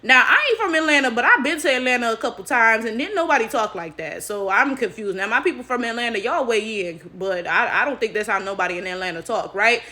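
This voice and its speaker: Animated American woman vlogger, bright and slightly high voice, chatty straight-to-camera commentary. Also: fast, few pauses. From United States. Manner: animated, talks straight to viewers.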